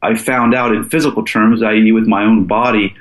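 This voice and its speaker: A man's voice: on the low side, steady tone, brisk, echoey room, poor audio. An older man from Alaska, a podcast guest telling a story with plenty of restarts. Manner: earnest, lots of restarts. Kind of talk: casual storytelling interview.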